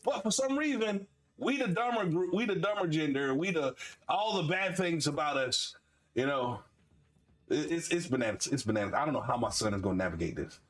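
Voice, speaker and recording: A man in his forties from Florida, hosting a stream and telling stories in casual chat, animated and laughing, swinging between high excited bursts and low asides. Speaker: streamer and host.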